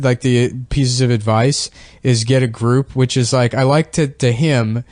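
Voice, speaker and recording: A man's voice: mid-range voice, fairly even intonation, normal speed, hardly any pauses, a little mellow, dry recording, clean studio sound. A man hosting a comedy podcast, crude and rambling as he mocks people in casual chat. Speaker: podcast host.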